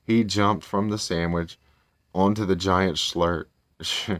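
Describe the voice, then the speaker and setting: A man's voice: deep voice, slow, fairly bright tone, no echo. A man casually reading a storybook aloud, with rambling, chatty asides and self-corrections.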